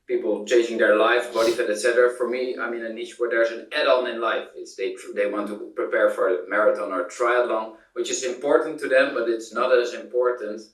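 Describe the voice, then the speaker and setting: A man puts a question to his trainer, hesitating and restarting as he searches for words. His voice is mid-pitched for a man and reaches the mic from a distance, with a roomy echo around it. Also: fairly even intonation, a little fast, hardly any pauses. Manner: hesitant, many fillers and restarts.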